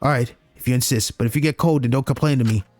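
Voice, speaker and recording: A man's voice: mid-range voice, fast talker, a little mellow, no echo, soft background music, lightly acted. A man reading the lines of a bossy, caring young woman from a game, in a fussy, scolding manner.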